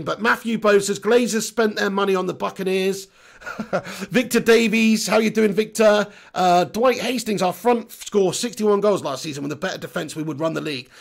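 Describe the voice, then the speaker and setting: Lad football vlogger, hoarse throat, high-ish gravelly voice, reading out chat. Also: male voice. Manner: chatty, matey shout-outs, blunt opinions. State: hoarse, voice going. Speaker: football channel host. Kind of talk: casual live-stream chat, reading viewer comments.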